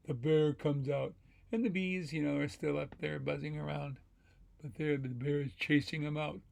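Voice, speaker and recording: A man, a pastor, reading a children's picture book aloud in a relaxed, chatty way with asides. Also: fairly high pitch, moderate pace, gravelly.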